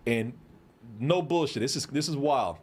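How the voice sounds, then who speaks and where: A man's voice: mid-range voice, normal speed, husky. A middle-aged man from Texas, the host, telling stories in casual chat and acting out the voices of the people in them. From Waco, Texas. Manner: animated, acts out voices in his stories, laughs often.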